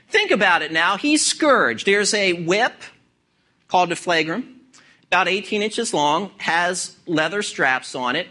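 A man preaching a sermon in a high voice. His tone is bright and forceful, and he leans on key words and fires rhetorical questions at the congregation. He speaks as the pastor of the church. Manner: expository preaching with rhetorical questions and emphatic stresses.

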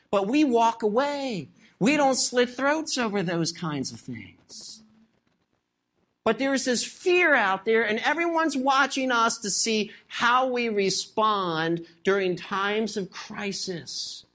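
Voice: mid-range voice, animated, slow, fairly bright tone. A pastor preaching a sermon emphatically, repeating key phrases and asking the congregation rhetorical questions.

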